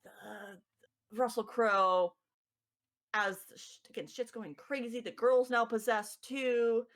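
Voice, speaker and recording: A woman co-hosting a podcast in casual chat, animated and acting out what others said. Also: fairly high pitch, slow. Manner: animated, acts out what people said. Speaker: podcast co-host.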